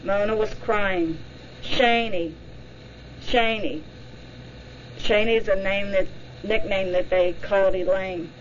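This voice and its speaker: A woman giving a measured, plain reading of a documentary narration. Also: mid-range voice, level tone. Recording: dull lo-fi with faint hiss.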